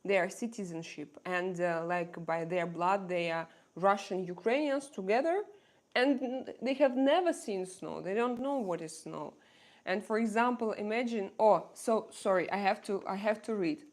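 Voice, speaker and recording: A woman's voice: mid-range voice, moderate pace. A woman chatting casually on a daily live stream, asking her viewers question after question in non-native English.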